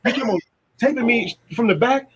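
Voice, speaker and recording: A man's voice: extremely high pitch, lively intonation, normal speed, a little hiss or hum, rough recording. A man acting out an exasperated customer in a barber's chair who rants and swears in a comedy skit.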